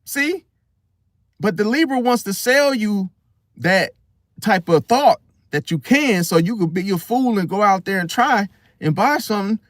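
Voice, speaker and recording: High-voiced man preaching with rhetorical questions. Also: lively intonation, unhurried, fairly bright tone, dry recording. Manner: rhetorical questions, keeps asking "See?"; slangy, blunt, swears casually. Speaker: astrology vlogger. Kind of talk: casual preachy monologue.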